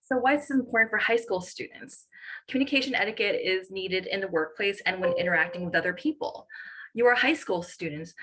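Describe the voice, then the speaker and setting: Woman presenting communication etiquette, halting. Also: mid-range voice, sharp tone, slightly rough, rough recording. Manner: halting, restarts and rephrases. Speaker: webinar presenter. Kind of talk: instructional talk to high school students. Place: online webinar.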